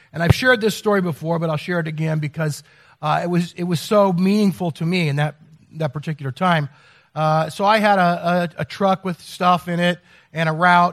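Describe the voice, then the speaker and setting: A middle-aged man preaching a sermon as pastor, telling a story with many restarts and repeated words. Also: a little high. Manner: rambling, self-interrupting storyteller.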